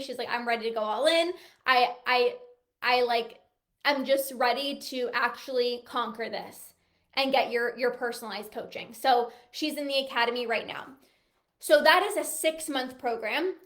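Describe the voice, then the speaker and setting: A binge eating coach pitches directly to the camera in a high, fairly bright voice. She is enthusiastic and emphatic, occasionally acting out the anxious thoughts of her clients.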